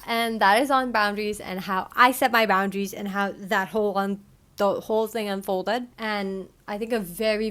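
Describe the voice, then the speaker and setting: Young woman podcast host, chatty and emphatic, mid-range voice, casual advice. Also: mid-range voice. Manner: chatty, emphatic, repeats "all right?".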